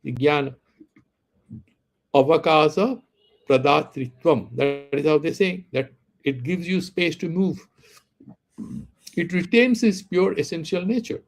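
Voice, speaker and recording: A man's voice: fairly high pitch, a little slow, pauses often. A man teaching philosophy, explaining Sanskrit terms and posing rhetorical questions to his listeners. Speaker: Vedanta teacher. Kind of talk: philosophy lecture.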